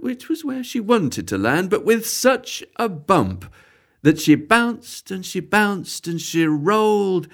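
Slow, sing-song children's storyteller. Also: mid-range voice, soft background music. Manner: expressive, lilting, repeats phrases for effect.

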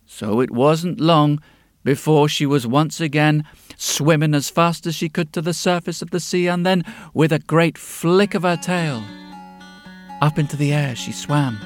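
A man's voice: on the high side, measured pace, faint music behind. A man telling a story in a dramatic way, often dropping to a whisper. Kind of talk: spoken storytelling to music.

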